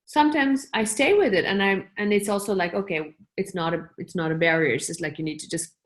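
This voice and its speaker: A woman's voice: medium pitch, brisk. A woman choreographer, a guest in a conversational interview, talking in loose running phrases, laughing often and acting out her own quoted asides.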